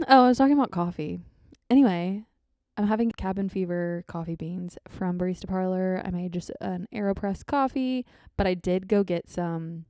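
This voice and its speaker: A woman's voice: lowish voice, dark tone, dry recording, studio quality. A young woman hosting her own podcast in a bubbly, rambling, easily sidetracked chat. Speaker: podcast host. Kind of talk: casual solo podcast chat.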